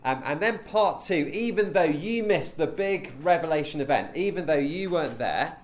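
A man's voice: fairly high pitch, animated, normal speed. A man leading a teaching session as a preacher, conversational, with frequent ums and rhetorical questions.

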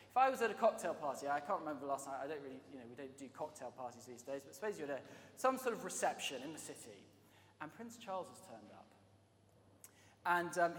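A man preaching a sermon, his fairly high voice pressing hard on key words, then dropping to quiet asides. He is recorded in a roomy church hall. His voice rings out with a long reverb tail, and faint room noise sits underneath. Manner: emphatic, varied delivery with rising and dropping volume.

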